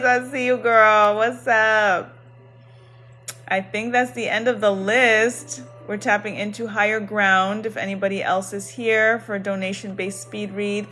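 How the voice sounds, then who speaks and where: Woman livestream host with a lilt, bubbly and slangy, soft music under her. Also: medium pitch. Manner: bubbly, slangy, greets viewers by name. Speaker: livestream host giving card readings. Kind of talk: casual livestream chat.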